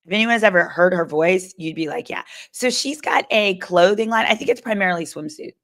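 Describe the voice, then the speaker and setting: A woman's voice: on the low side, lively intonation, brisk, a bit bright. A woman lawyer hosting a live stream, reading chat comments and giving sassy, chatty legal commentary.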